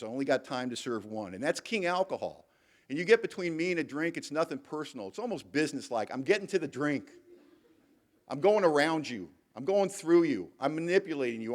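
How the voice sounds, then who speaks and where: A middle-aged man giving a candid, emphatic recovery talk to a convention audience and telling his own story with self-mocking humor. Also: mid-range voice. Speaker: AA speaker. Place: convention hall.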